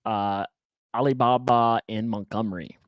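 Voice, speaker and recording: A man co-hosting a casual podcast, joking around and talking in quick bursts with restarts. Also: fairly low pitch, steady tone, dry recording, dull audio. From Kentucky. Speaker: co-host.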